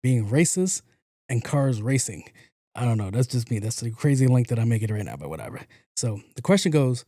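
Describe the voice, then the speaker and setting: A man riffs through casual podcast commentary, full of swearing, jokes and repeated words. His voice is mellow and warm. The sound is dry and close. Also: mid-range voice, very animated, fairly quick, no echo. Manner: profane, joking, repeats himself. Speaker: podcast host.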